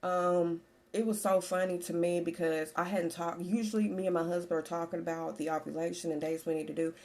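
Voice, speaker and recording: A woman's voice: fairly low pitch, fairly even intonation, fairly quick, a little mellow. A woman in her forties talking candidly in a chatty personal vlog, repeating herself as she goes. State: slightly out of breath. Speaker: vlogger.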